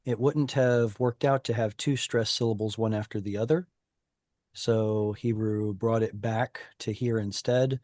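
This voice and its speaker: A man's voice: lowish voice, steady tone, a little slow, a little mellow, dry recording, clean studio sound. A man teaching an online class, explaining patiently over a video call with frequent fillers. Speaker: Hebrew teacher.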